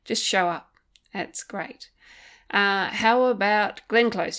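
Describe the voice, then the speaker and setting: A woman hosting a solo podcast, talking gently and earnestly, thinking aloud with frequent pauses and ums while offering faith-based encouragement. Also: medium pitch, clear, resonant tone. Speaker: podcast host. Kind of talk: reflective solo podcast talk.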